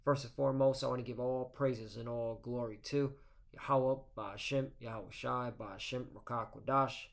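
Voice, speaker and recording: A man's voice: mid-range voice, fairly even intonation, creaky. Man teaching scripture with "okay?" tags. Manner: peppers talk with "okay?" and "all right?" tags; reads scripture in a measured, formal cadence. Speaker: religious teacher. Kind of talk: scripture reading and informal sermon.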